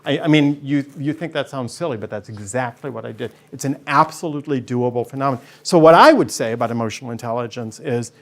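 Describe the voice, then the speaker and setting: Talking fast with hardly a pause, a man in the mid-range tells lively stories as a guest in front of a studio audience. He's energetic and slips into the voices of the people he's describing.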